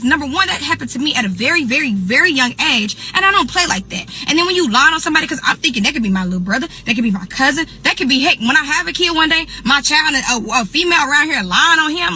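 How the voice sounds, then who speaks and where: A young woman tells a story to her viewers in a casual, animated way. Her voice sits a little high and sounds bright and crisp. She keeps talking straight to her audience and acts out the voices of the people in her story. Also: slight background noise, rough recording. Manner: animated, addresses listeners as y'all, acts out quoted people. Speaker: host.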